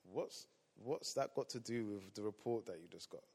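A male pastor preaching a sermon, swinging between loud emphatic lines and quiet asides. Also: lowish voice, normal speed, vocal fry, breathy edge. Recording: long hall reverb.

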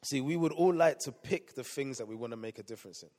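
A male pastor preaching a sermon, swinging between loud emphatic lines and quiet asides. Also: medium pitch, quick pace. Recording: long hall reverb.

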